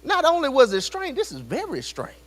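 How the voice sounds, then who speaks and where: Brisk and a bit bright, a very high male voice with huge pitch swings delivers a sermon in a church sanctuary. He addresses the congregation directly with repeated rhetorical questions, and a long church-hall reverb hangs on the recording.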